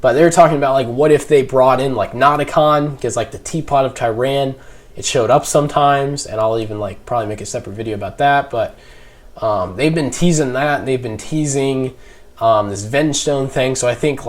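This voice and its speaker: A young man gives a casual spoken review in an ordinary mid-range voice. He rambles freely, circling back with fillers and restarting his sentences as he thinks aloud. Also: mid-range voice. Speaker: YouTube reviewer.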